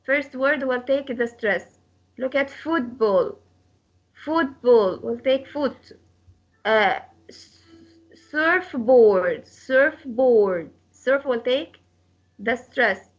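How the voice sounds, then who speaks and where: A woman with a high voice leads a class on English stress, speaking slowly and repeating each example word, sometimes cutting it into syllables. The recording sounds dull and lo-fi. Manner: slow, repeats words and splits syllables to model stress; non-native grammar slips. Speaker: English teacher.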